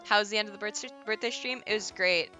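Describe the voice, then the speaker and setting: A woman's voice: mid-range voice, fast talker, bright, forceful tone, soft background music. Giggly chatty woman streamer. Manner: chatty and giggly, reads chat aloud. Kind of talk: casual gaming stream chat.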